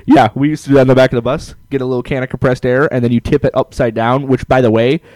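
Casting: brisk, blunt man, casual podcast chat, dead-dry mic. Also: mid-range voice, fairly even intonation, darkish tone, no echo.

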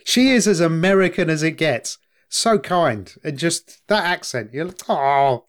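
A man's voice: sits high, big pitch swings, unhurried. A man co-hosting a podcast in casual chat, upbeat and cheerfully leading the discussion. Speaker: podcast co-host.

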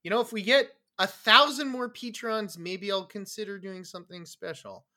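A man co-hosting a casual podcast, playful and quick to laugh. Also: high voice, steady tone, crowd noise. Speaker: podcast co-host.

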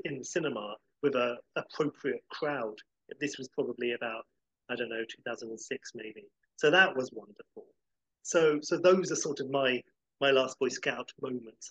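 A man's voice: mid-range voice, husky, low-quality recording. A man co-hosting a casual film podcast, telling rambling stories with enthusiasm. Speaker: podcast co-host.

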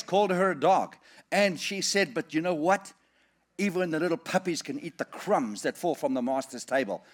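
A middle-aged man preaching a sermon, reading scripture slowly and emphatically, then rising and falling in loudness as he drives his points home. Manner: animated preaching with lively swings in pitch and volume.

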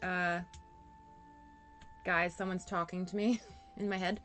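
A woman playing a tabletop game, chatting casually and reacting quickly to the story. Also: fairly low pitch, flat delivery, a bit bright, faint music behind. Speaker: player.

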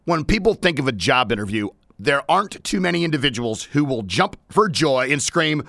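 A man's voice: mid-range voice, sing-song, fairly quick, gravelly, fairly bright tone, no echo, studio quality. A man hosting a business talk radio show, playful and joking, with a scratchy strained voice. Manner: playful, rhymes and jokes, restarts.

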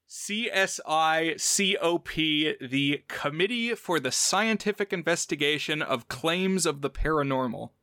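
Bright, crisp-voiced man explaining details. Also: on the high side, lively intonation, a little slow, hardly any pauses, dry recording, clean studio sound. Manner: explanatory, walks through details methodically. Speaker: podcast co-host. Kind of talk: casual review chat.

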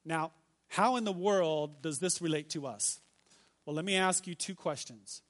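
High-voiced pastor preaching emphatically. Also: male voice, a bit bright. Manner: measured, emphatic, repeats key phrases slowly. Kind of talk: sermon.

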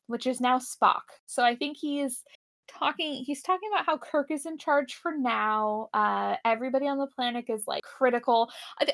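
A woman's voice: high voice, creaky. A young woman co-hosting a podcast, chatting casually and giggling as she recaps a TV episode. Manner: giggly, chatty, puts on silly voices for characters. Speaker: podcast co-host.

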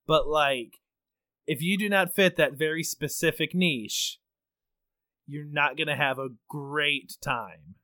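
High-voiced man casually chatting. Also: takes it slowly, pushed and bright, dry recording. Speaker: podcast co-host. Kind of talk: casual chat.

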